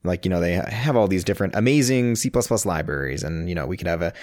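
A man hosts a podcast in a casual, loose manner, his voice sitting a little low. It is recorded close and dry. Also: animated, fast talker, darkish tone, dry recording. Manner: easygoing, rambling. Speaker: podcast host.

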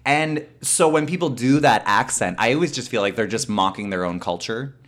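A man from Canada co-hosting a podcast, chatting casually about a film, animated and laughing often. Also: mid-range voice, moderate pace. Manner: animated, laughs often, puts on silly voices. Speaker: podcast co-host. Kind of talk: casual chat.

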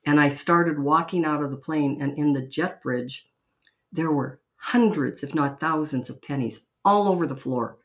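A middle-aged podcast host tells personal stories in an intimate, chatty manner. The voice sits in a middle range and chuckles now and then between anecdotes. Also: mid-range voice. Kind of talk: personal storytelling.

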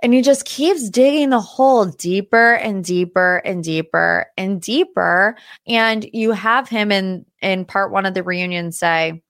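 A woman podcast host with a mid-range voice recaps a reality show, recorded in a clean studio with no room sound. She's chatty and animated, tossing in sassy asides and quoted voices.

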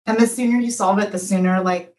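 A woman guest on a podcast who talks in an outspoken, animated way and laughs often while telling stories. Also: mid-range voice, a little fast. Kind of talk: casual chat. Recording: roomy echo.

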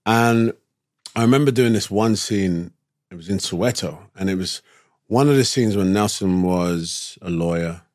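A man's voice: deep voice, moderate pace, darkish tone, dry recording, clean studio sound. A man, a guest actor, telling a story in a casual chat and acting out other people's lines as he goes.

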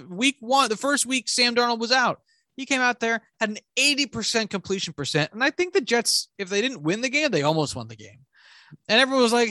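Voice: mid-range voice, pushed and bright, dry recording. A sports fan delivering a furious, profane, sarcastic rant about their football team. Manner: exasperated, sarcastic.

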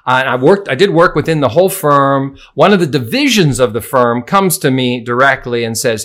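A man's voice: medium pitch, lively intonation, moderate pace, few pauses, fairly bright tone. A middle-aged man co-hosting a podcast, telling anecdotes casually and stressing words for effect. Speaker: podcast co-host.

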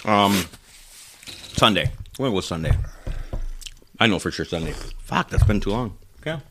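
A man's voice: lowish voice, animated, moderate pace, noisy background. A man co-hosting a podcast, bantering crudely and playfully. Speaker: podcast co-host. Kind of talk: casual chat.

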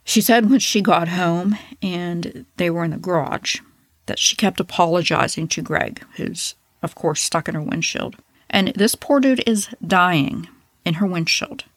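A woman's voice: fairly low pitch, a little slow, no room sound. A woman hosting a true crime podcast, telling a case in a casual, blunt, opinionated way with profane asides.

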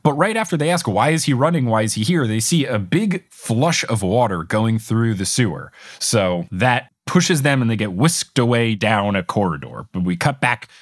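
A man co-hosting a casual podcast, recapping a cartoon episode with animated storytelling and chuckling asides. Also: lowish voice, normal speed, few pauses, no room sound, studio quality. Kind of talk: casual chat.

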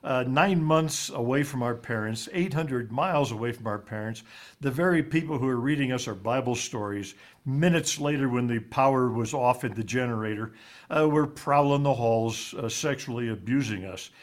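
A man of middle pitch telling a painful personal story as an interview guest. He speaks haltingly and often repeats words, and his voice sinks low and quiet on the hardest parts. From raised in Ivory Coast.

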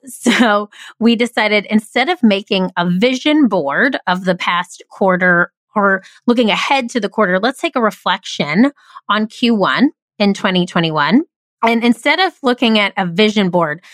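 A woman's voice: mid-range voice, fairly bright tone, dry recording. A woman hosting a podcast, chatting enthusiastically with frequent restarts. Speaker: podcast host. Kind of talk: casual podcast chat.

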